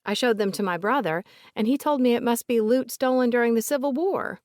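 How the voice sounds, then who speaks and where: A woman voicing an older woman with a soft Southern accent, polite and remorseful, recalling family memories in a gentle, chatty way. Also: fairly high pitch, a little fast, no room sound, studio quality, pitched above the performer's own voice, close to an everyday voice.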